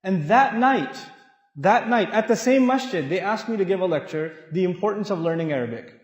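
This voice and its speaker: A man from Pakistan preaches a storytelling sermon in a large, echoey mosque hall, his voice sitting high and his delivery brisk. He is animated and humorous, acting out the voices of the people in his stories.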